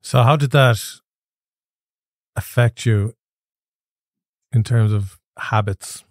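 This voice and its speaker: A man's voice: mid-range voice, slow pace, dry recording, clean studio sound. A man who hosts a podcast, asking short follow-up questions in a casual interview. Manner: brief prompts and follow-up questions. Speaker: podcast host.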